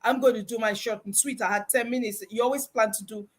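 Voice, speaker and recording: A woman guest on a video-call talk show, telling a story with lively, expressive delivery and acting out the lines of people she quotes. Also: on the high side, quick pace. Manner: expressive, acts out quoted dialogue. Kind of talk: animated storytelling chat.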